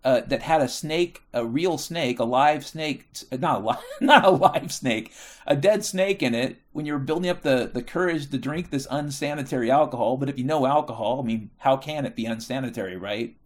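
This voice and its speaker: A man's voice: mid-range voice, normal speed. Profane, rambling middle-aged man. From United States. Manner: profane, rambling, self-correcting. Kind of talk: casual monologue.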